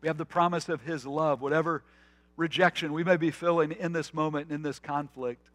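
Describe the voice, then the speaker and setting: A male pastor preaching a conversational sermon, telling stories earnestly, restarting phrases, and slowing to a soft voice on key points. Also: fairly high pitch, steady tone, no echo. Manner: earnest, storytelling, with frequent restarts.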